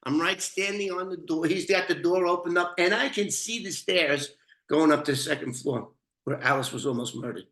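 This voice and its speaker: A man telling a story from his own past in casual talk, blunt and profane, often restarting and clearing his throat. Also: on the high side, moderate pace, a bit bright, reverberant.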